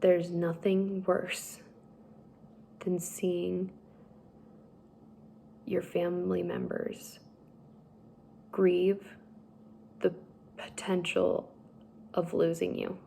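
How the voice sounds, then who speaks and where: A young woman slowly telling a personal story, halting and emotional at times. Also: on the low side, flat delivery, gravelly, warm tone, slight background noise. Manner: slow, halting, tearful at times. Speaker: speaker sharing a personal story.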